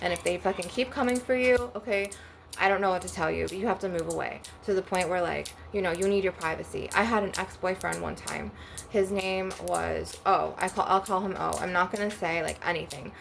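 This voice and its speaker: A woman's voice: lowish voice, fairly quick, vocal fry, a little hiss or hum. A young woman rambling bluntly and profanely through a casual storytime rant on her spiritual channel. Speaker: spiritual vlogger.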